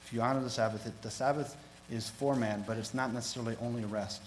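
A man's voice: mid-range voice, fairly even intonation, fast, a little hiss or hum, poor audio. Man preaching with rising intensity. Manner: reads scripture aloud, rising and louder on key verses; asks the congregation questions. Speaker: pastor. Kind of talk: sermon.

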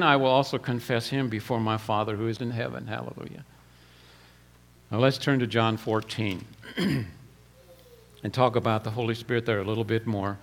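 A man's voice: medium pitch, steady tone, moderate pace, pauses often. Plain-spoken male preacher. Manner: plain-spoken storytelling, repeats words, clears throat often. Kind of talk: sermon with personal stories.

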